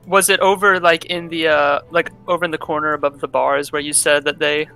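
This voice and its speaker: A man joining in a tabletop game, his voice higher than most and very bright. He sounds quick and playful, with faint music behind him. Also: little pitch movement, gravelly, smooth, poor audio. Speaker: player. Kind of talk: casual tabletop play.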